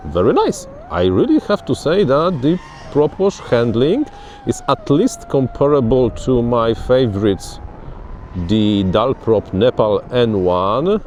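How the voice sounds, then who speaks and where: An FPV drone reviewer chats through a test flight on the grass, giving casual outdoor commentary. He is excitable, keeps repeating himself and restarting words, and his voice sits in a mid-range register. Faint outdoor noise runs underneath.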